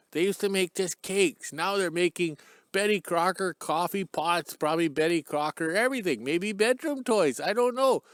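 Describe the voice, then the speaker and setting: With a handheld camera on a stick, a middle-aged Canadian man films his own vlog intro outdoors in cold sunlight. His high, fairly bright voice carries no room sound as he hosts his channel, rambling off the cuff, joking, chatting and wandering off topic.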